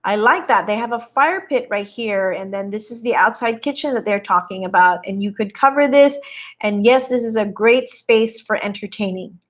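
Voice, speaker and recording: A woman's voice: mid-range voice, moderate pace. A woman host on a casual live stream, walking viewers through a home listing in a chatty, admiring way and greeting viewers as she goes. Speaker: real estate agent hosting a live stream.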